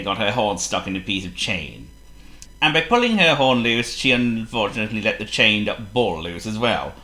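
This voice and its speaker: A man reading a children's story aloud in an expressive, playful way. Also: medium pitch, roomy sound. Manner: expressive and playful, laughs as he reads.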